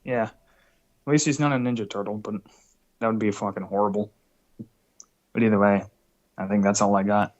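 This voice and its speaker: A man's voice: lowish voice, steady tone, moderate pace, pauses often. A man chatting casually and crudely, mocking people with swearing and sneering. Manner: profane, mocking, mimics people in whiny voices. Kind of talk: casual crude drama chat. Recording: slightly dull lo-fi call audio.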